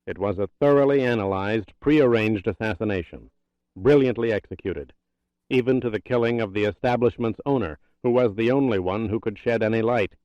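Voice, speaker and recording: A man's voice: fairly low pitch, fairly quick, a little mellow, no echo, muffled recording, close to an everyday voice. A man reading an audiobook, voicing a confident, matter-of-fact intelligence director giving a briefing. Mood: assured.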